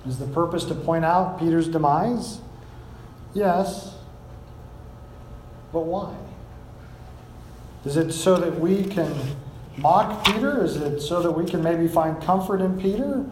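A man's voice: on the high side, a little mellow, roomy sound, a little hiss or hum, rough recording. A man preaching a sermon, reading scripture aloud and explaining it with rising emphasis. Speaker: pastor.

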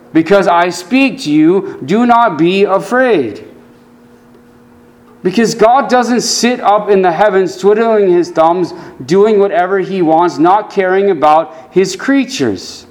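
A man preaching a sermon, earnest, dropping his voice low and soft when he quotes scripture. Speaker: pastor.

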